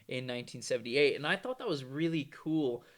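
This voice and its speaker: A man's voice: medium pitch, animated, brisk. A man delivering a casual, rambling vlog monologue, swearing freely in a loose, conversational manner. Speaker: vlogger.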